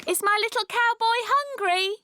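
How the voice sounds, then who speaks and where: A woman's voice: extremely high pitch, moderate pace, background noise. A woman voicing a kindly cartoon animal mother, speaking in a doting manner. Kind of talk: cartoon voice acting.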